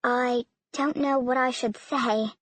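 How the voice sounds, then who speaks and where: A man's voice: extremely high pitch, steady tone, takes it slowly, a bit bright, no echo, exaggerated voice. A woman voicing a shy, hesitant young man training as a doctor. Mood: awkward. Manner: hesitant, awkward.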